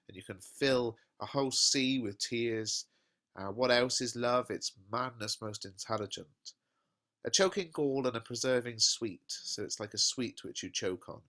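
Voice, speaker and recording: A male English teacher with a fairly low voice walks through a classic play, talking in a loose, everyday way. He fills his talk with little fillers as he turns each old line into plain modern words. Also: sharp tone. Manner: casual, paraphrases in plain modern speech with many fillers. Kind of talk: explaining a play scene line by line.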